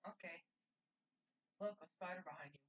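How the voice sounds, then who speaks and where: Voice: mid-range voice, normal speed, background noise, natural voice. A performer voicing a cheeky old toad wizard with a Cockney accent, talking in a sarcastic, teasing way in a home-made comedy sketch. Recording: lo-fi home recording.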